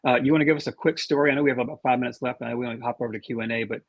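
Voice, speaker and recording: A man's voice: mid-range voice, fairly even intonation, rapid-fire, gravelly, slightly rough, no echo, muffled recording. A man moderating a conference talk and running the questions, speaking steadily with frequent restarts and ums. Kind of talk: conference talk over video.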